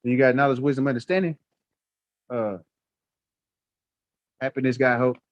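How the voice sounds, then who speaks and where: A man's voice: mid-range voice, fairly even intonation, normal speed, dry recording, lo-fi sound. A man telling a story in casual talk on a live stream, blunt, heated and profane. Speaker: livestream guest.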